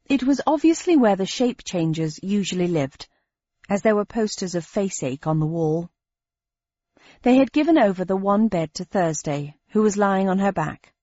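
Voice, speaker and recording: Woman audiobook narrator, measured and wry, mid-pitched voice, dry, dull recording. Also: lively intonation, mellow, no room sound. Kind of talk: scripted narration.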